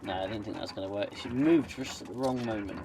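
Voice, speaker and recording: A man's voice: lowish voice, fast talker, noisy background. A man giving casual, muttering commentary while he plays a video game, tossing in playful sing-song asides. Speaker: gaming channel host. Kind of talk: casual let's-play commentary.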